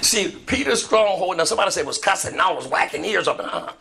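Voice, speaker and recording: A man preaching a lively sermon. He retells scripture with call and response, swinging between loud shouts and hushed, quiet storytelling. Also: high voice, fast talker, vocal fry, crowd noise.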